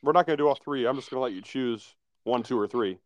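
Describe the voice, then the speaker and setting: A man's voice: medium pitch, fast talker, no echo. A man co-hosting a podcast, explaining things in a laid-back, rambling way. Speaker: podcast co-host. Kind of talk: casual chat.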